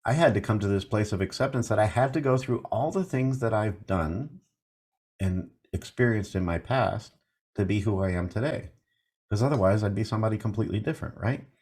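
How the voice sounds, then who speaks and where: A man's voice: on the low side, brisk, a little mellow, husky. A man in his fifties, a mindfulness coach, giving an earnest reflective talk full of rhetorical questions and repeated key phrases. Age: 50s.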